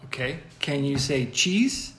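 A young father hosting a casual podcast, gently and patiently coaxing his toddler to say words. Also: mid-range voice, expressive, slow, echoey room, a little hiss or hum. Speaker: podcast host.

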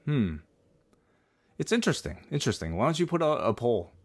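A man co-hosting a casual chat podcast while sick, animated and hesitant, often restarting his sentences. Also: mid-range voice, a little fast, no room sound. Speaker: podcast co-host.

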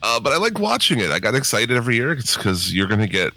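A man's voice: medium pitch, very animated, fast talker, pushed and bright. A middle-aged man hosting a podcast in a groggy morning voice, laid-back and swearing freely as he chats and laughs. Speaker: podcast host. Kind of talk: casual chat.

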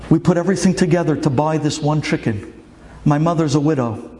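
A man's voice: fairly high pitch, a little fast, mellow, slight background noise, close to an everyday voice. A man voicing a poor five-year-old girl who speaks plaintively. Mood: distressed.

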